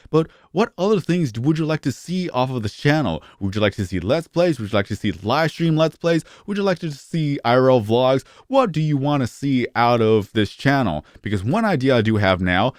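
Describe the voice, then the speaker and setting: A man's voice: mid-range voice, no room sound, studio quality. A man in his thirties talking to his phone camera in a casual vlog, rambling and often restarting or stuttering. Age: 30s. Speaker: YouTuber.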